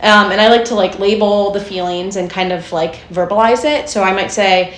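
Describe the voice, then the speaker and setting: A woman's voice: mid-range voice, normal speed, hardly any pauses, reverberant, a little hiss or hum. A woman co-hosting a podcast as a therapist, talking casually and explaining with lots of "like" and "right?". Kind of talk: casual chat.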